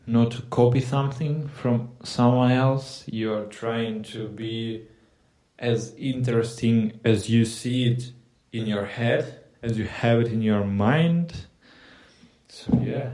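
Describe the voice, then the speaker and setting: A man hosting a podcast, speaking as an in a slow, thoughtful way. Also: medium pitch, mellow, reverberant. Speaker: podcast host. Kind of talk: casual chat.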